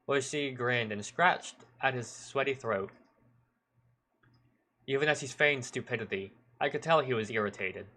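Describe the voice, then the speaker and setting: A man with a bright, sharp timbre reads a story aloud in measured first-person narration. He now and then stumbles and corrects himself. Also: medium pitch. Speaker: streamer. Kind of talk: reading a visual novel aloud.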